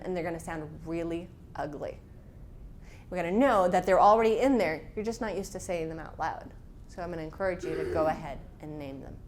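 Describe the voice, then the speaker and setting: A woman's voice: lowish voice, darkish tone, a little hiss or hum. A woman instructor leading a class, talking frankly and casually, with personal stories. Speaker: workshop instructor.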